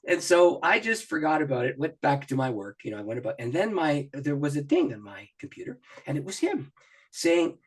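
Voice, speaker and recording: A man's voice: medium pitch, big pitch swings, a little fast, darkish tone, husky. A middle-aged man, a pastor and author, telling personal stories as an interview guest, acting out his own thoughts and laughing often. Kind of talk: animated personal storytelling in an interview.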